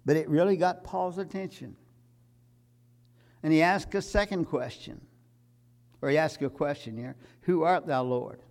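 A man preaching a sermon, emphatic, building to loud repeated climaxes. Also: fairly high pitch, normal speed, pauses often.

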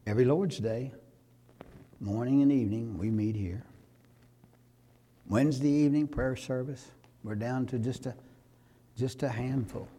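Gravelly-voiced preacher man. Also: mid-range voice. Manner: preachy, rising to loud fervent exhortation. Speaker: pastor. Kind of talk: sermon.

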